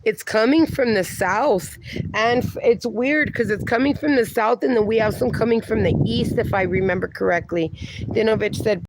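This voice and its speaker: Gravelly, rambling male livestreamer. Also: high-pitched, normal speed, background noise. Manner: affectionate, rambling, chatty. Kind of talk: casual livestream chat, reading viewer comments aloud. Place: outdoors in a backyard at night.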